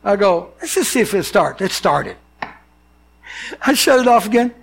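A man's voice: high voice, normal speed, gravelly, a little hiss or hum. An older man, a pastor, preaching a sermon and telling personal stories, acting out the people in them. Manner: animated storyteller, acts out dialogue.

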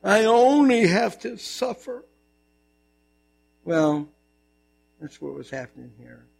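A man preaching with an animated, joking delivery, slipping into funny voices to act out the stories. His voice sits high for a man. A low mains hum runs under the recording. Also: gravelly. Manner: animated storytelling, mimics voices, jokes. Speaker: pastor. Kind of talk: sermon.

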